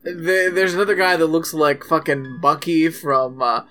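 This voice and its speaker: A man's voice: a little high, steady tone, moderate pace, bright, forceful tone, faint music behind. A man in casual chat, cracking jokes with profane asides. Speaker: podcast co-host.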